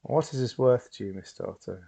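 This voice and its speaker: A man's voice: mid-range voice, brisk, gravelly. A man playing a grandiose stage hypnotist. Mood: sly. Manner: theatrical announcer voice, rising and loud. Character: showy male stage hypnotist, grand and smooth.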